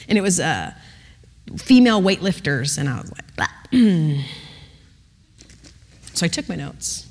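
A woman in her thirties telling a personal story to a church audience, animated, acting out the people she quotes. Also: on the low side, slow pace, long pauses. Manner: animated, acts out quotes with voices. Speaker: speaker giving a testimony. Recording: long reverb in a large hall.

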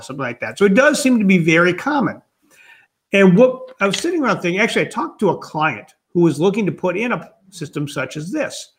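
High-voiced man musing aloud. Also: a bit bright. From Minnesota, USA. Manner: thoughtful, rambling, musing aloud. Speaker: guest, customer experience author. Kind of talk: conversational interview answers.

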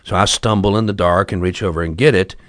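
A man's voice: low-pitched, steady tone, quick pace, no room sound. A man telling a story casually, wry and chatty with asides to the listener.

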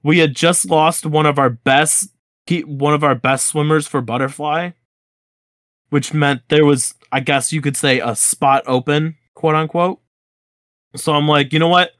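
A young man co-hosting a podcast tells a school story in casual, animated chat. His voice sits a bit high, and he acts out the dialogue he quotes. The recording is close and dry, with no room sound. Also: unhurried, no room sound. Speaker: podcast co-host.

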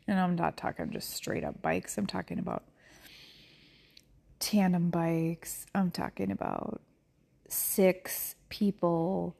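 A middle-aged woman podcaster chats at home in a loose, rambling way. Her voice carries heavy vocal fry and a mellow, husky tone. She laughs easily and drifts into soft whispers. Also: on the low side. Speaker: podcast host. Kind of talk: casual chat.

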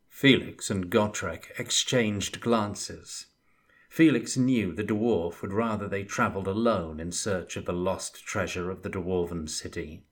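Slow, husky man reading a novel. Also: sits low. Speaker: audiobook narrator. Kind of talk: reading a fantasy novel aloud, voicing its characters.

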